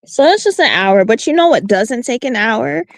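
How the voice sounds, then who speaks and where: A woman's voice: a little high, animated, moderate pace, vocal fry, no room sound. A woman chatting casually on a live stream, making dry, sarcastic quips.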